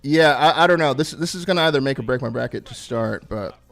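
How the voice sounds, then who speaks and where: A young man streaming live, talking in a relaxed, profane way while thanking his subscribers. His voice sits at an ordinary middle pitch. Faint music plays underneath. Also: fast talker, creaky. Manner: laid-back, profane, constantly thanking subscribers. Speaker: streamer hosting a watch party. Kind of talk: casual live-stream chat.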